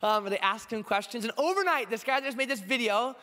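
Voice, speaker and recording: Hoarse young preacher with a high voice. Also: male voice, expressive, fairly quick, sharp tone, big-room sound. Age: 20s. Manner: conversational, earnest, with frequent fillers. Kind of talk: sermon. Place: church.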